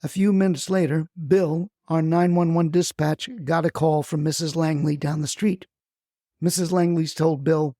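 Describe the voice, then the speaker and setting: A man's voice: fairly high pitch, fairly even intonation, moderate pace, warm tone, no room sound, clean studio sound. A man narrating a comic story with wry, folksy asides.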